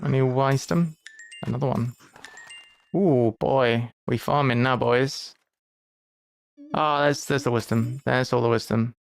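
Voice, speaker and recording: A man's voice: medium pitch, fairly even intonation, normal speed, gravelly, pauses often, smooth, dry recording. A man giving live commentary while he plays a game, chatty and thinking aloud, with playful asides. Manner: playful asides and mock lectures. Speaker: game streamer.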